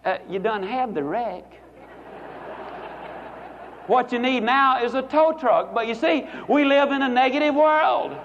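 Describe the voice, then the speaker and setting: A man giving a folksy, joking motivational speech to a live audience, slowing down for emphatic punchlines. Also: very high-pitched, a bit bright, slight background noise. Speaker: motivational speaker. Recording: dull lo-fi recording, long hall reverb.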